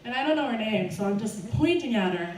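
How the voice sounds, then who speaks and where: A woman's voice: fairly high pitch, expressive, a little fast, darkish tone. Woman speaker at a fundraiser, nervous, laughing storyteller, caught from far off in a roomy space. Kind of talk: personal story told to a live audience. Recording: roomy, distant, faint background noise.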